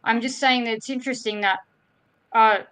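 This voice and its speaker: A woman's voice: a little high, steady tone, normal speed, a bit bright. A woman chatting on a call-in stream, insistent and filling her talk with "like" and "just". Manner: insistent, says "like" and "just" a lot. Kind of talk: casual call-in chat.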